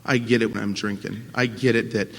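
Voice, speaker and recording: A man giving a personal recovery talk to an audience at a convention, earnest and halting with many restarts, swinging from quiet to impassioned. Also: fairly low pitch, fairly even intonation, vocal fry. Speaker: AA speaker. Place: large conference hall at a convention. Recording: long hall reverb from a live talk.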